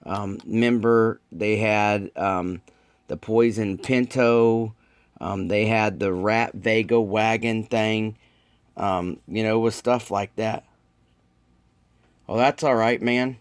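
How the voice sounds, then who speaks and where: A man's voice: on the low side, fairly even intonation, slow, clean tone, no echo. A man chatting casually with viewers while building model cars, rambling and laid-back with lots of ums. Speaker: model car builder streaming live. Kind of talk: casual live-stream chat.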